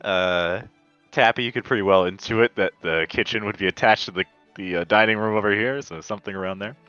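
A man running a tabletop game as game master, casual and halting, voicing the people around the table. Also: fairly low pitch, bright, forceful tone, smooth, no room sound. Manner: loose and halting, playing many figures. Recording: dull lo-fi audio with faint music.

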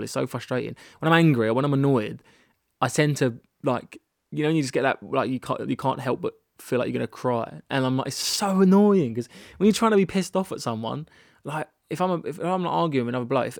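British male podcast host, young, gravelly tone, dry close sound, rambling and self-deprecating. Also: mid-range voice, no room sound. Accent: British English. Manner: rambling, frequent restarts and self-deprecating laughs. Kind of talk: candid solo podcast monologue. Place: rented holiday annex.

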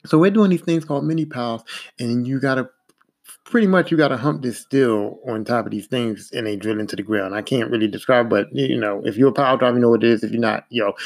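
A man hosting a podcast, telling a work story in a casual, profane, repetitive way. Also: mid-range voice. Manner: animated, profane, repetitive, acts out quotes in a raised voice.

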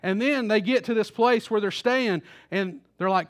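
A man's voice: sits high, moderate pace, few pauses. A man preaching a sermon in a church, telling the story casually and acting out the quoted lines. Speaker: pastor. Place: church auditorium. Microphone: stage microphone.

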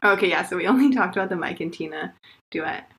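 A woman co-hosting a casual podcast chat, animated and quick to act out characters' lines. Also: lowish voice. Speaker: podcast co-host.

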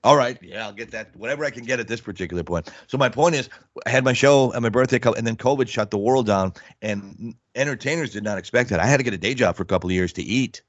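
A man's voice: medium pitch, fast talker, no echo. A man in his fifties, a stand-up comedian, telling rambling blunt stories in a casual interview. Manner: rambling, blunt, animated storyteller. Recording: dull muffled dry audio.

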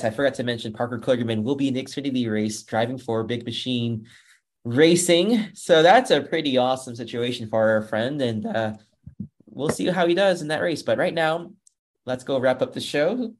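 A man in his thirties hosting a racing talk podcast, upbeat and rambling, often addressing listeners as folks. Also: mid-range voice. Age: 30s. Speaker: podcast host. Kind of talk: casual show wrap-up chat.

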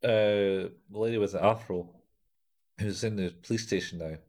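A man with a fairly low voice chats casually, recapping a story in a loose, rambling way. He slips into quick acted-out lines and laughs as he goes. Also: fairly even intonation, a little mellow. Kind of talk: casual chat recapping an episode.

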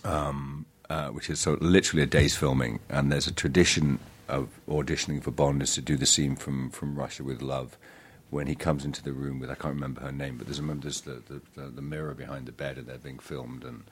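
A man, an actor guest, chatting in an interview with a halting, self-deprecating manner, full of restarts and laughs. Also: extremely low pitch, flat delivery, breathy edge. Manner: laughs between thoughts. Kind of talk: casual interview chat.

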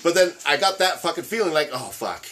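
Man around 40, slightly high voice, rambling and swearing through an anecdote. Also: quick pace, bright, forceful tone, a little hiss or hum. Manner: profane, rambling storyteller. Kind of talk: casual chat.

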